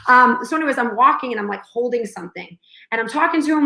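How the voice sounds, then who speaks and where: A young woman with a fairly high voice chats loosely and tells stories. She acts out each line of dialogue, and the room around her is echoey. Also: expressive, fairly quick, pushed and bright. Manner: chatty storyteller, acts out dialogue. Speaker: co-host. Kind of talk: casual chat.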